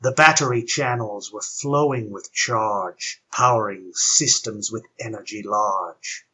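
Dude slowly reading a rhyming poem, husky voice, muffled lo-fi sound. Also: male voice, mid-range voice, expressive, sharp tone. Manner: measured, storytelling cadence. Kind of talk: rhymed poem narration. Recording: dull lo-fi with faint guitar.

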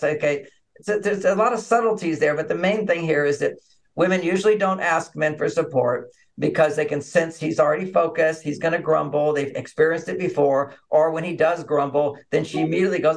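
A man's voice: on the high side, fairly quick. A man as an interview guest, telling stories and acting out little scenes of dialogue over a video call. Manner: animated, acts out quoted dialogue. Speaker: relationship author and interview guest. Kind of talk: conversational interview storytelling.

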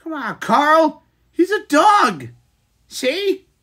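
A woman's voice: sits high, big pitch swings, drawn-out words, sharp tone. A woman hosting a casual live stream, reading out chat comments and reacting with exasperated exclamations.

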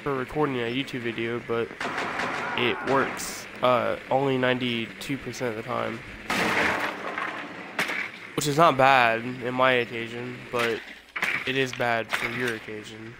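A man streams himself playing a shooter game, speaking in a flat, mid-range voice at a measured pace with frequent pauses. He comments casually, mocks himself, and bursts out in exasperation at his teammates. It's a phone recording with noisy game audio underneath.

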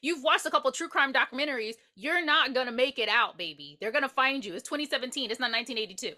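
A woman in casual podcast chat, adding blunt, joking remarks to a film recap. Her voice is bright and a little high, with lively swings in pitch. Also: fast talker. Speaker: podcast co-host. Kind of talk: casual movie review chat.

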